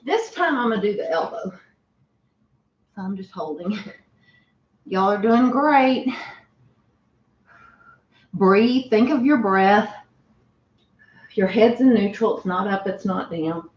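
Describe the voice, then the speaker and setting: A woman's voice: medium pitch, expressive, slow, pauses often, slight background noise. A woman leading a home workout class, chatty and encouraging, out of breath. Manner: encouraging, chatty, laughs often. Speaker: fitness instructor. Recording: roomy, distant, dull home recording.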